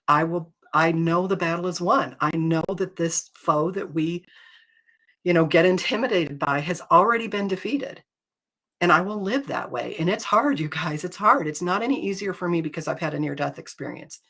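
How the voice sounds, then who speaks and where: A middle-aged woman hosts a live faith-based talk in a husky, breathy voice. She speaks earnestly and with emphasis, addressing her viewers directly. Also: lowish voice, moderate pace, fairly bright tone. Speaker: host.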